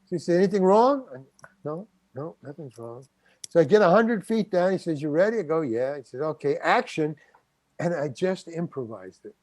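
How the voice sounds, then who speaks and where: A man's voice: on the high side, lively intonation, brisk, a little mellow, no room sound. An older man, a guest actor, telling a story in an interview and acting out the quotes. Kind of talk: anecdotal storytelling.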